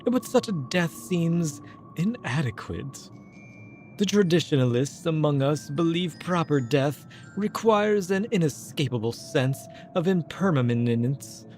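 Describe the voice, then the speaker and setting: A man's voice: on the high side, expressive, a little mellow, faint music behind, voice pushed up. A man reading as a solemn ghostly creature. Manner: stately, measured reading of formal lines.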